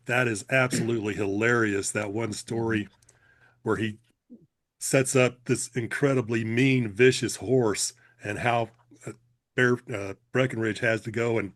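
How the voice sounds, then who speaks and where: A man retelling a funny story in casual chat, laughing often and stopping to clear his throat. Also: on the low side, a bit bright.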